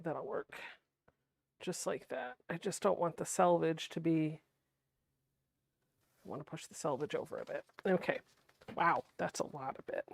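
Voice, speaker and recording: Female livestream host, soft-spoken and unprojected, low gravelly tone, chats and thinks aloud while sewing. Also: expressive, measured pace, pauses often, no room sound. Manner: soft-spoken, not projecting.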